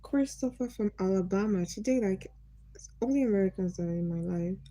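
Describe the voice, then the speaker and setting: A woman's voice: medium pitch, a little fast, warm tone, dry recording, low-quality recording. A Nigerian woman from Nigeria hosting a casual livestream, greeting viewers by name and asking them curious questions. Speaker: livestream host.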